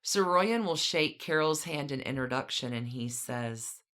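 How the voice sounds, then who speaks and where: A woman's voice: low voice, animated, measured pace, fairly bright tone. A woman co-hosting a podcast, casually telling a story with conversational, dry asides. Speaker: podcast co-host.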